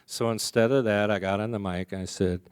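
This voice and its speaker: A man's voice: fairly low pitch, steady tone, fairly quick, a little hiss or hum. A man speaking at a recovery meeting, telling his story in a humorous, confessional way. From American. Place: conference hall.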